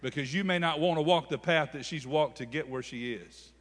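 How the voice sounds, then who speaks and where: High, bright preacher in a hall. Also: male voice, a little fast. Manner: preaching with call-and-response. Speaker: pastor. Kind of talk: sermon.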